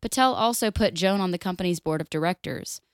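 A woman's voice: on the low side, a little fast, no echo, studio quality. A woman co-hosting a casual podcast, reading a story aloud and cutting in with blunt, sweary comments. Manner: blunt, sweary, laughs often. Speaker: podcast co-host.

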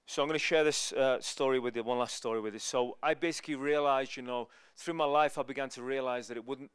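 A man giving a sermon as a guest preacher, telling lively stories and acting out the people in them. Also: mid-range voice, clear, resonant tone, dry recording. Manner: animated, acts out people in his stories. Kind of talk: storytelling sermon.

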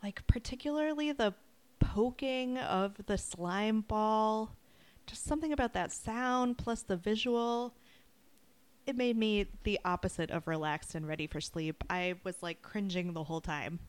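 A woman co-hosting a podcast in casual chat, describing things slowly and deliberately. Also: medium pitch, smooth. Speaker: podcast co-host.

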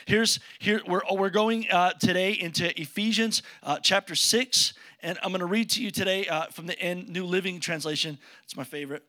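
A man's voice: high voice, normal speed, few pauses, bright, forceful tone. A man preaching a sermon as pastor, casual and joking, asking his congregation questions as he speaks. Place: church sanctuary with congregation.

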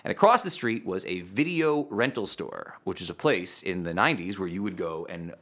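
A man's voice: low-pitched, normal speed. A man in his thirties from upstate New York, chatting on a podcast and telling stories with acted-out quotes and plenty of swearing. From Utica, New York, USA. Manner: animated storyteller who acts out quotes and swears freely. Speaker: podcast guest. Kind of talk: casual chat.

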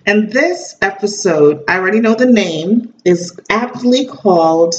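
A woman's voice: mid-range voice, animated, slow pace. Chatty woman podcast host. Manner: chatty, laughing, full of fillers. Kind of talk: casual podcast chat. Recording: dull distant recording with faint hiss.

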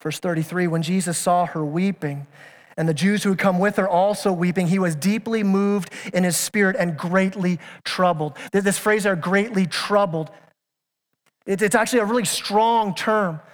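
At a moderate pace and with a high-pitched voice, a pastor delivers an earnest, emphatic sermon in the sanctuary. He keeps asking the congregation questions, occasionally restarting mid-thought, and the recording carries the hall's long reverb.

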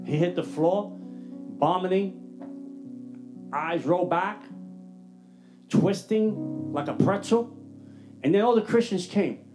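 A man preaching a testimony sermon, telling his story in an animated way and acting out his own dialogue. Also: high-pitched, slow pace, long pauses, music in the background. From New York.

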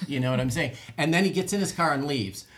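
A man's voice: on the high side, quick pace, a bit bright. Man, casual group chat, rambling anecdote, self-deprecating, conversational.

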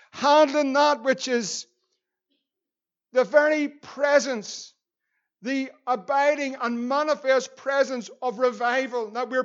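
A man's voice: extremely high pitch, muffled recording. A man with a Northern Irish accent preaching a sermon as pastor, earnest and repeating phrases for emphasis.

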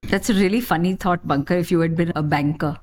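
A woman's voice: fairly low pitch, fast talker, a little mellow. A woman interviewing a guest, prompting him in a friendly, conversational way. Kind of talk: interview questions.

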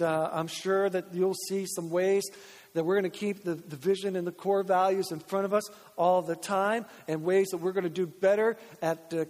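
A man preaching as a pastor, energetic and repetitive as he urges the congregation on. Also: high voice. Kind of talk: sermon. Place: large church sanctuary. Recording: long reverb of a church hall.

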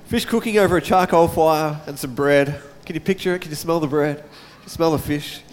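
A man's voice: a little high, brisk, slight background noise. A man preaching a sermon and reading scripture, chatting casually with his congregation between verses. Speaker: pastor. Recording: long hall reverb.

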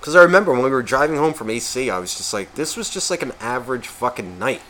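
A man co-hosting a podcast, telling a story in a casual, profane, animated way and acting out quotes. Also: medium pitch, quick pace. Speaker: podcast co-host.

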